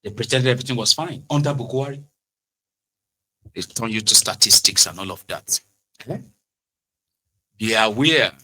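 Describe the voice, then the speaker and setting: Animated Nigerian man, very sharp voice. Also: mid-range voice, rough recording. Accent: Nigerian, Yoruba-inflected Pidgin English. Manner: animated, switches between pidgin, Yoruba and English, mimics others. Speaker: political commentator. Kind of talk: casual political commentary.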